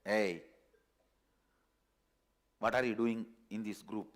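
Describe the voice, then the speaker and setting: A man's voice: on the low side, fairly even intonation, slow, voice pushed down. Stern adult lion, commanding and scolding, a man voicing him mid-parable.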